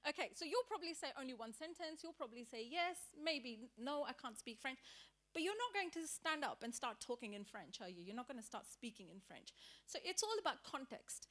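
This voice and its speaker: A woman runs a training session in a classroom, her voice bright and slightly high. She talks to the group in an animated way and acts out short sample dialogues to make her points. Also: fairly quick. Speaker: teacher leading a training workshop. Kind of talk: workshop presentation.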